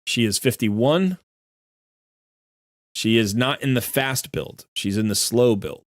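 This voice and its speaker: A man's voice: medium pitch, takes it slowly, no room sound, studio quality. A man giving chatty, rambling live-stream commentary as he looks through a viewer's game account, often correcting himself.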